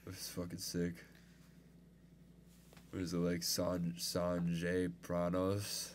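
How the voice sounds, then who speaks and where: A man co-hosting a podcast in crude comedic banter, loud, profane and jokey. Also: sits low, completely flat delivery, slow pace, slight background noise. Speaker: podcast co-host.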